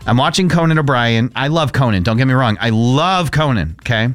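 A man hosting a radio show, chatting casually in an animated, self-mocking way. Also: mid-range voice, quick pace, soft background music. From Connecticut. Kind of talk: casual chat.

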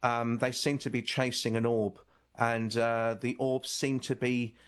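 A man's voice: medium pitch, level tone, a little slow, clear, resonant tone. Brief: male author on talk radio, mid-range voice, meandering and self-correcting. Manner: rambling, repeats and restarts often. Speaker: author and guest. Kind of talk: radio interview storytelling.

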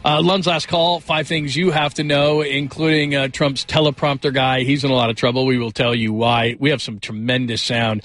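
A man's voice: mid-range voice, fairly bright tone, dry recording, clean studio sound. A man hosting a sports talk radio show, upbeat and full of big praise. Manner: upbeat, hyperbolic, loose.

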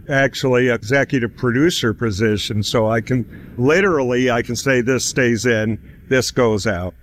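A man's voice: mid-range voice, a little hiss or hum. A man in his fifties telling a personal story in a casual, chatty way, full of fillers. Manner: chatty, many "you know" fillers, laughs between phrases. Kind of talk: casual spoken testimony.

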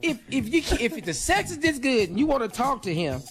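A man's voice: very high voice, sing-song, a little fast. A man hosting a radio show, giving joking advice in loose, repetitive banter. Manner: loose, joking, repeats punchlines. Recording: music playing under the voice.

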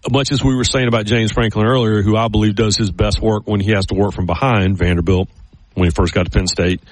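A man's voice: on the low side, steady tone, fast, no echo. A man co-hosting a casual chat, telling stories in a rambling way with many restarts.

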